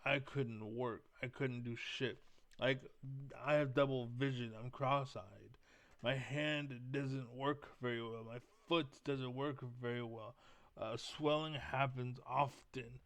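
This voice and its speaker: A young man rants to his viewers in a heated, rambling way, swearing often and leaning on fillers. His voice sits at an ordinary pitch and is recorded close and dry, with no room sound around it. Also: steady tone, slow pace, fairly bright tone, dry recording. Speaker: vlogger. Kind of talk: casual rant to camera.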